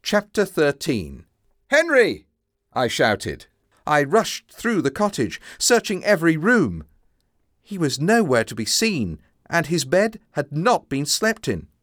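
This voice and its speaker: A man narrates a storybook in an unhurried, deliberate way, and his pitch swings widely to carry the drama. The recording is dry and close, with no room sound. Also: no echo. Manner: slow, expressive storytelling. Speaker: storybook reader. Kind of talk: scripted narration of a simplified classic.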